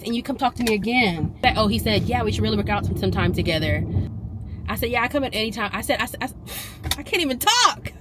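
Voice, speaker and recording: A woman vlogging as a busy mother, telling stories in a casual, animated and exasperated way. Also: a little high, a little hiss or hum. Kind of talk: casual vlog chat.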